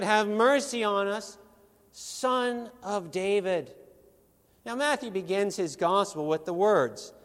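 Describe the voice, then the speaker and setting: High-voiced man preaching in a reverberant hall. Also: fairly bright tone. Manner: earnest, emphatic preaching with rhetorical questions. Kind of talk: sermon.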